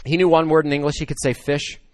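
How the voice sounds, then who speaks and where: A man in his thirties preaching a sermon, telling a personal story that swings between loud excitement and hushed emotion. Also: a little high, fast talker, no echo, clean studio sound. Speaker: pastor.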